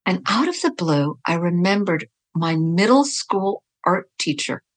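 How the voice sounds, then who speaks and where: A middle-aged woman, a writer and teacher, chatting as a guest in an interview, telling lively stories and laughing often. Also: fairly low pitch, unhurried. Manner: animated storyteller, laughs often, loose and chatty. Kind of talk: conversational interview.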